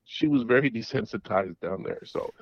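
This middle-aged caller has a fairly low, gravelly, expressive voice and talks at a moderate pace with no echo. His long, casual story rambles, with restarts and repeated words, over dull lo-fi audio.

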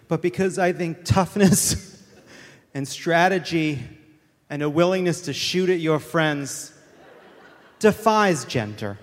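Slow-talking man ranting comically. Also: a little high. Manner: rambling, self-mocking, profane. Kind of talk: comic rant on a talk show. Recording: reverberant hall, faint room noise.

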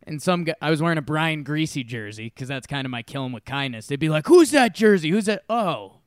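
Smooth-voiced man telling sports stories. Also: mid-range voice, fairly quick, dry recording, studio quality. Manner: animated storyteller, swears freely. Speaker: sports podcast co-host. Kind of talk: casual sports chat.

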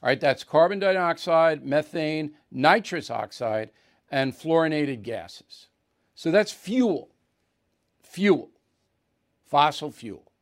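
A man hosting a political talk show, delivering an opinionated monologue in a conversational, emphatic way and checking in with the audience often. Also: fairly high pitch. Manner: emphatic, conversational, asks "right?" and "okay?" often.

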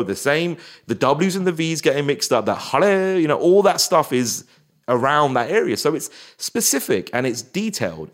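Animated man in casual chat. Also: medium pitch. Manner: animated, slips into quick impressions and voices. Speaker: guest.

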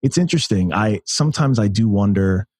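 Guy in his 30s from the us telling stories, lowish mellow voice, dry sound. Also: expressive, fairly quick, husky, no room sound. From United States. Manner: storytelling, enthusiastic, many restarts. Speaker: podcast guest. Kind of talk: casual interview chat.

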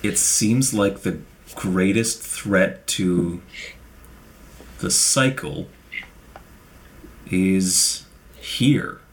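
A man voicing a solemn tortle warrior in a tabletop game, speaking slowly and humming as he muses. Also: deep voice, heavily acted. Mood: ponderous. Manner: slow, pausing, with musing hums. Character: slow, deep-voiced tortle warrior, male, solemn.

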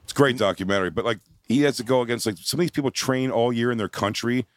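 A man's voice: mid-range voice, fast talker, no echo, clean studio sound. A man, a comedian guest, chatting casually on a live podcast in a laid-back way and laughing often.

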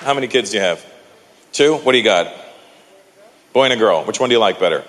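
A man doing a stand-up routine, telling stories with animated energy and yelling out the voices of the people in them. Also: on the low side, quick pace, big-room sound, a faint crowd. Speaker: stand-up comedian.

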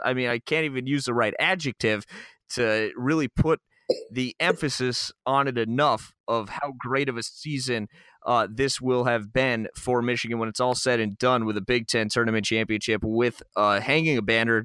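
A man's voice: medium pitch, fairly bright tone, smooth, no room sound, studio quality. A man co-hosting a casual sports talk show, breaking down a matchup with confident analysis.

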